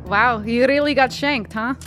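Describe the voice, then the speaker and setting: A woman's voice: a little high, normal speed, a bit bright, soft background music. A woman playing a tabletop game, teasing the others with playful jokes. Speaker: player. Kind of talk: casual tabletop play.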